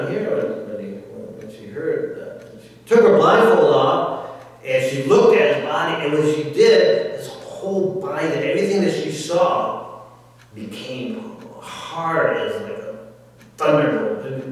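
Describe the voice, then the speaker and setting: A man giving a spiritual discourse, telling a scripture story in an animated way and laughing often. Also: mid-range voice. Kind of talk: sermon storytelling. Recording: echoey hall, mic far off.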